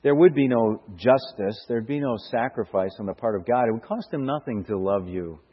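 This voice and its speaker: With a medium-pitched, breathy-edged voice at a moderate pace, a middle-aged pastor delivers an earnest, searching sermon, stammering into restarts and stacking rhetorical questions toward emphatic bursts. The audio is dull and lo-fi, with hall reverb.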